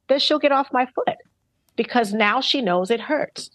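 A middle-aged woman being interviewed, talking in a thoughtful, earnest and measured way. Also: on the high side, a bit bright, dry recording, poor audio. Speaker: interviewed singer. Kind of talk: reflective interview talk.

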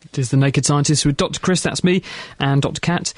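A British man hosts a live radio science show, talking quickly in a chatty, jokey way. His voice sits a touch high and sounds close and dry in the studio. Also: steady tone, no room sound. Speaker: radio presenter.

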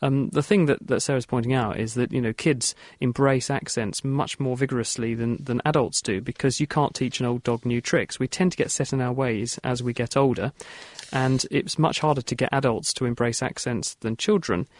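A man presenting a radio science show, explaining things in a clear, chatty way. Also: medium pitch, steady tone, normal speed, few pauses, no room sound.

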